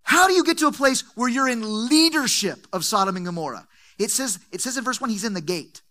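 A middle-aged man preaching a sermon to his church, emphatic and repetitive, with big swings in pitch and volume. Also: expressive, brisk, bright, forceful tone. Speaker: pastor.

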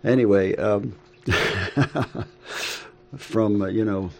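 A middle-aged man co-hosting a casual faith talk, halting, with frequent ums and chuckles. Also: fairly low pitch, creaky, a little mellow. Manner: halting, with many ums and laughs. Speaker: co-host.

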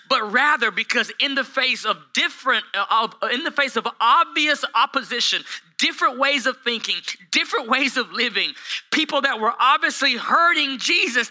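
A man in his forties preaches to a live congregation, his voice pitched high and very bright, almost sharp. He moves from hushed asides to shouted peaks and tells self-deprecating stories with a joking edge. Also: poor audio. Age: 40s. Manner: humorous, self-deprecating storytelling. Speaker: pastor. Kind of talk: sermon. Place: church hall with a live congregation.

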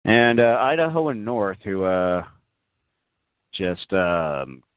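Man, call-in show host, low voice, mocking, profane, rambling, tinny phone-line sound. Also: big pitch swings, slow pace, no echo. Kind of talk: casual call-in talk show.

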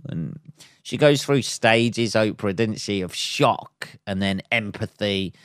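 A man's voice: fairly low pitch, clean tone, no echo, studio quality. A man hosting his own podcast, ranting casually with lots of swearing and chuckles, mocking with put-on voices. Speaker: podcast host. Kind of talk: casual solo podcast rant.

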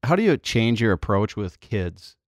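A man with a fairly low voice hosts a podcast interview, asking relaxed questions with the odd "uh" and "you know". His voice is dry and close on the mic. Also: moderate pace, no room sound. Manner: easygoing, some fillers. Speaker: podcast host.

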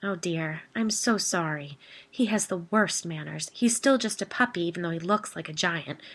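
A woman voicing a flustered, rambling woman homeowner in a storybook reading, apologetic and raised in pitch and volume. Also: normal speed.

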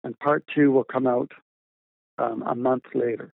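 A man's voice: medium pitch, steady tone, measured pace, gravelly, no room sound. A man, a documentary filmmaker, telling a story in a rambling, casual way with repeated words and fillers. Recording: tinny phone line, dry.

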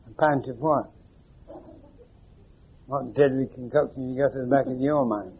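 A man's voice: medium pitch, breathy edge. A man gives an informal spiritual talk to a small group, wry and teasing, putting questions to his listeners. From England. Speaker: spiritual teacher. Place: meeting room with a small audience. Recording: muffled 1980s tape recording.

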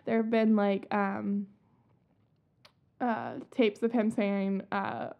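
A young woman hosts a casual podcast about haunted places, chatty and giggly, swearing casually while she tells spooky stories. Her medium-pitched voice is slow, creaky, and flat in delivery. The recording has a dull lo-fi sound.

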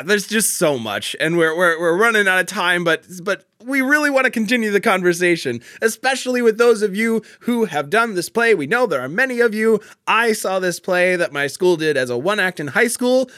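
A man's voice: high voice, bright, forceful tone, dry recording, clean studio sound. A man co-hosting a podcast, talking with enthusiasm in a casual chat. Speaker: podcast co-host.

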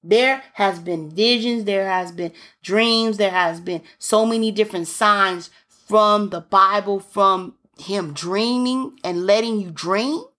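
A woman's voice: medium pitch, slow pace, fairly bright tone. A woman preacher delivering a fervent sermon, reading scripture aloud and breaking in with exclamations.

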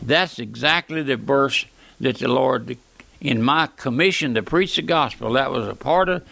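An older man from the American South preaching a fiery radio sermon, an old-time preacher who keeps saying "my friend" and swings from thundering to quiet. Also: mid-range voice, unhurried, vocal fry, no echo.

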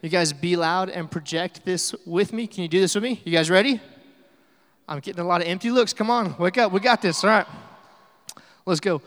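A man's voice: high voice, brisk, a bit bright, in a large hall. A man preaching a casual, upbeat sermon, coaxing his congregation to join in. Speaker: pastor. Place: church hall.

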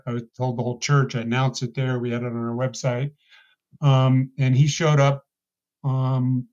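A man sharing a personal testimony as a podcast guest, talking casually and earnestly with halting restarts. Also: mid-range voice, darkish tone. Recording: dull lo-fi podcast audio.

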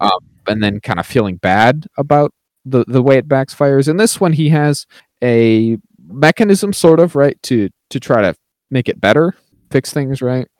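A man's voice: medium pitch, expressive, normal speed, a little mellow, no room sound. A man co-hosting a podcast, chatting casually about a film and often saying "like I said" and "right?". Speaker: podcast co-host.

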